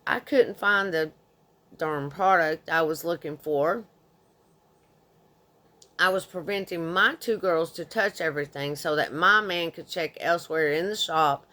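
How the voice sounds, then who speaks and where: Low-voiced woman narrating a story. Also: measured pace, pushed and bright. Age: 30s. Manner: indignant, conversational storytelling. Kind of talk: reading a forum story aloud.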